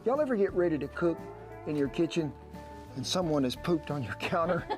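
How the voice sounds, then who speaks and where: A cooking show host with a drawl, folksy and easygoing, calling his guest sugar. His voice sits a little high for a man. Light music plays faintly behind him. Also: animated, brisk.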